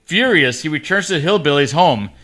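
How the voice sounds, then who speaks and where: Man, casual podcast host, fairly high pitch, bright tone, faint music. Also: expressive, a little fast. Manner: chatty, reads jokes aloud with small slips. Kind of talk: casual chat and joke reading.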